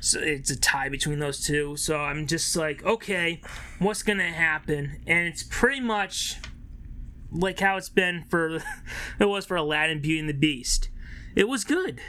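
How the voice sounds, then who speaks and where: A man co-hosting a podcast in casual chat, an animated storyteller who launches into rants. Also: fairly high pitch, unhurried. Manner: animated storyteller, rants with loud acted outbursts. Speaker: podcast co-host.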